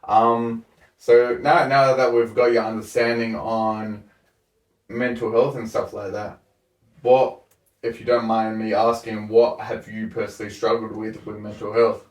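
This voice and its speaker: A man's voice: fairly low pitch, little pitch movement, unhurried. A young man hosting a podcast, chatting in an easygoing, slangy way and calling his guest "bro". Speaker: podcast host. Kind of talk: casual interview chat. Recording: echoey room, mic at a distance.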